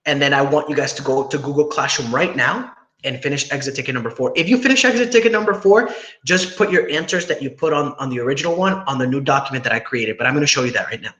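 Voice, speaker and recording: Talking fast in a pushed, bright, medium-pitched voice, a young man instructs students over video call. He breaks things down step by step, checking in with a frequent "right?", and his echoey room carries faint noise.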